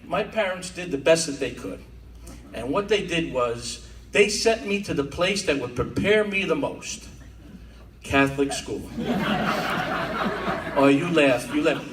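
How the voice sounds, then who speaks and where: A man's voice: high-pitched, slight background noise. A man doing a stand-up comedy set as a wisecracking storyteller, on a comedy club stage with audience laughter behind him. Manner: wisecracking storyteller, mock-tough Italian-American bits. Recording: roomy club audio from a distance. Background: audience laughter and club ambience.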